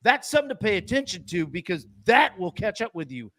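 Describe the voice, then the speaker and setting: A man co-hosts a sports betting show with a high voice. He sounds eager and emphatic as he breaks down a game, leaning on "like". The sound is dry and close. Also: very animated, a little fast, a bit bright, no room sound. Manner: eager, emphatic, uses "like" a lot. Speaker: co-host. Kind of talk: casual sports analysis.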